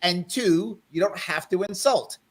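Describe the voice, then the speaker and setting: A man hosting a live panel talk show by video call, calmly but firmly trying to settle a heated guest. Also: high-pitched, unhurried. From South Bronx, New York. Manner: firm, tries to calm a heated guest. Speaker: host.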